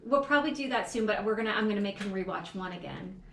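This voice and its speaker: A woman's voice: medium pitch, lively intonation, fast, creaky, fairly bright tone, recorded from a distance, slight background noise. A woman co-hosting a podcast, telling stories casually with restarts and quoted dialogue. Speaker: podcast co-host. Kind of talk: casual chat. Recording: echoey room, a bit off-mic.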